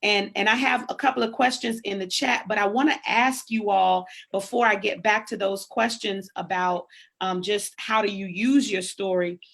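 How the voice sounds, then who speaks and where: Creaky-voiced woman hosting a live stream. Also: mid-range voice, steady tone, normal speed, a bit bright. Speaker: host.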